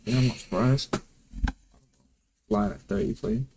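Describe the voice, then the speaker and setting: A man's voice: mid-range voice, measured pace, vocal fry, noisy background. Cheeky teenage boy, mocking banter. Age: teens. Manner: cheeky, mocking, uses slang like mate and bro. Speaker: host's son, co-commentator. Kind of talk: casual chat.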